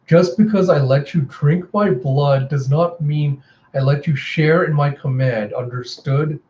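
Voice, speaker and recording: A man's voice: fairly high pitch, measured pace, darkish tone, a little hiss or hum, close to an everyday voice. Guy doing a cold bossy vampire queen, kinda dull roomy sound. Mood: imperious. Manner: cold, imperious. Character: commanding, ruthless vampire queen.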